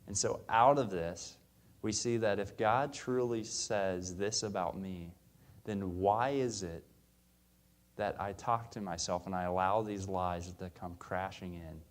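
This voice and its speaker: Very low-voiced young man preaching. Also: unhurried. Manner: earnest, conversational storytelling with fillers. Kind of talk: sermon. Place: church.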